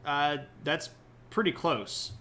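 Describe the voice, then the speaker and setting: A man's voice: fairly high pitch, expressive, slow pace, bright, forceful tone. A man hosting a casual livestreamed history talk, explaining events in a joking, chatty way and often checking in with "right?". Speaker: history podcast host.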